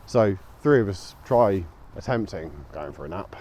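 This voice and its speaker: A small action camera captures a tired man with a deep, darkish, animated voice talking at a moderate pace while he walks his dog. The walk-and-talk chat on a local street at dusk is rambling and relaxed, full of fillers, with a little hiss or hum.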